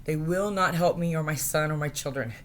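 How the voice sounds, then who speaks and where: Low-voiced woman ranting, distressed and halting. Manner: distressed, halting, profane, with many fillers. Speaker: vlogger. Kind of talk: rambling direct-to-camera rant.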